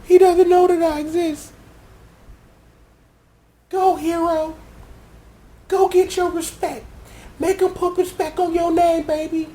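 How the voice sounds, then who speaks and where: Man doing a gushing lovestruck woman, falsetto. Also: level tone, slow, pauses often, warm tone. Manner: high, gushing, breathy falsetto.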